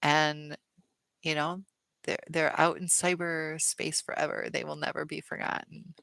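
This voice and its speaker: A woman's voice: low voice, flat delivery, measured pace, vocal fry, pushed and bright, no room sound. A woman hosting a live chat Q&A, reading viewer comments aloud and answering them in a chatty way with many fillers. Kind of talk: casual live-stream chat.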